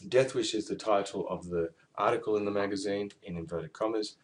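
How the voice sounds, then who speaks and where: A man's voice: lowish voice, fairly quick. A man giving a recorded university lesson on referencing, explaining step by step with fillers and self-corrections. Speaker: university tutor. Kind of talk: recorded lecture on assignment referencing.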